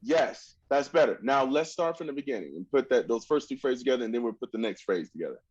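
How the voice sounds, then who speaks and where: A man's voice: mid-range voice, animated, fast talker, darkish tone, slightly rough, lo-fi sound. A man coaching a student in a masterclass, singing phrases to demonstrate, exacting and encouraging. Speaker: oboe teacher.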